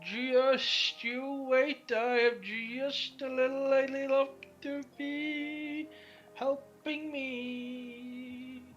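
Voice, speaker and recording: A man voicing a shabby, drunken male tavern brawler who slurs and shouts for more wine. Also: very high-pitched, little pitch movement, very slow, highs cut off, faint music behind, pitched above the performer's own voice, heavily acted. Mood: belligerent. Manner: slurred, belligerent, shouting.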